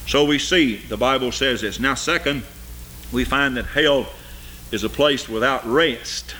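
An older man preaching a sermon, swinging between loud high cries and low, quiet asides. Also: normal speed, slight background noise.

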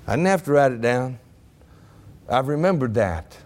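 A man's voice: mid-range voice, animated, normal speed, darkish tone. A male preacher telling a story fervently in a revival sermon, repeating himself for weight.

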